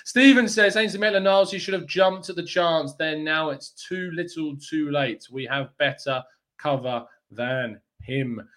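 A man's voice: a little high, a bit bright. A man hosting a live football fan news show, chatting in an upbeat way and reading out viewer comments. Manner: chatty and upbeat, with frequent fillers and quick laughs.

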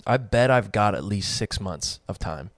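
A man's voice: fairly low pitch, animated, moderate pace, no echo. A young man co-hosting a podcast, chatting casually and thinking aloud with lots of fillers. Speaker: podcast co-host. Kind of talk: casual chat.

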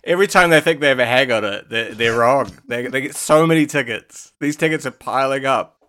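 A man co-hosting a comedy podcast, riffing a silly story in a soft, hesitant, trailing way. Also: mid-range voice, fairly quick, clear, resonant tone. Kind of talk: improvised comic storytelling.

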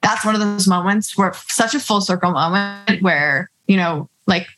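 A woman's voice: medium pitch, steady tone, normal speed, fairly bright tone, soft background music, poor audio. A young woman, a musician being interviewed, telling stories in casual chat full of "like" and quoted asides. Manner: bubbly, storytelling with lots of "like" and quoted asides. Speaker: musician guest.

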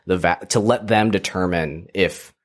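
A young man telling a story in casual chat, rambling with many restarts and frequent laughs. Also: sits low. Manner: rambling, halting, laughs often. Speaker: podcast guest. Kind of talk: casual conversation.

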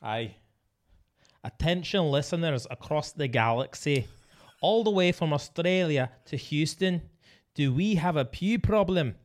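A hammy ad announcer with a mock-Scottish accent, as a man puts one on, rolling through a sponsor read in a soft, playful tone. The voice sits a little above the usual male register. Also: fairly high pitch, animated, measured pace. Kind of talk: comic ad read.

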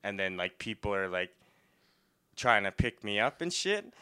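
A man chatting casually and laughing often, retelling a story with loud acted-out yells. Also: fairly low pitch, sing-song, normal speed, clear, resonant tone. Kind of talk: casual chat.

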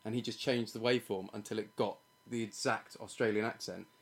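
A man's voice: lowish voice, fairly even intonation, brisk. Laughing, rambling young man chatting. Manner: laughs often, rambling tangents. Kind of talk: casual chat.

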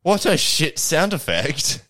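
Joking podcast co-host. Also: male voice, fairly high pitch, big pitch swings, slow, sharp tone. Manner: joking, laughs often. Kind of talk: casual chat.

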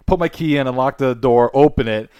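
A man co-hosting a podcast, telling a crude story with laughter and animated asides. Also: medium pitch, brisk, clean tone, dry recording, lo-fi sound. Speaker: podcast co-host. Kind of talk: casual storytelling.

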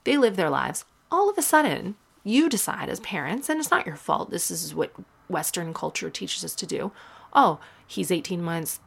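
A woman in her thirties hosting a podcast, telling stories in a casual, animated and wry way. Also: on the low side, moderate pace, vocal fry, husky. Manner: animated, wry, puts on voices for quotes. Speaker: podcast host. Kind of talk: casual storytelling monologue.

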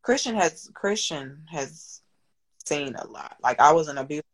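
A woman's voice: low-pitched, animated, normal speed, breathy edge, poor audio. A woman in her thirties, a business owner and single mother, talking candidly and at length as a guest, swearing freely and getting emotional. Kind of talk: candid podcast conversation.

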